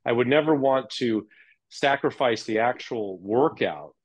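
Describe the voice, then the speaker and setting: An energetic middle-aged man chatting as a guest in an interview, a fitness instructor with an animated, upbeat way of talking. His voice sits at an average pitch for a man. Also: measured pace, no room sound. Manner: energetic, animated, puts on playful voices when quoting. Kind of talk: casual interview chat.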